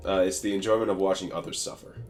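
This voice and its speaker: A young man from the United States chats loosely on a podcast, his voice sitting a little low. He rambles with plenty of fillers and laughs at his own stories, while faint guitar music plays underneath. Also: little pitch movement, racing. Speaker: podcast co-host. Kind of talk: casual podcast chat.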